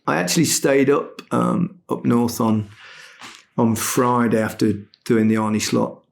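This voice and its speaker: Gravelly-voiced male podcast host. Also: medium pitch, a little slow. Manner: relaxed storyteller, steers the talk. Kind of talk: casual football chat.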